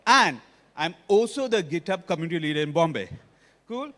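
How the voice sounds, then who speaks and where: Indian man, conference speaker, high voice, keeps checking the crowd follows, hall reverb. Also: expressive, a little fast, sharp tone. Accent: Indian English. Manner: engaging, quizzes the audience often. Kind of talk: technical conference talk.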